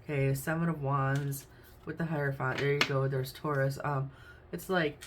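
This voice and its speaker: A tarot reader with a very deep, steady voice gives a casual reading at home, speaking at normal speed, chatty and peppered with "um"s and "okay?"s. She has the hiccups, and faint outside noise drifts in through an open window.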